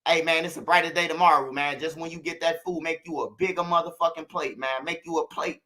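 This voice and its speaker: A man's voice: on the high side, fairly even intonation, fast, pushed and bright. A man from Chicago with a Chicago accent, hosting his channel, talking straight to viewers in a slangy, repetitive, preachy monologue. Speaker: channel host.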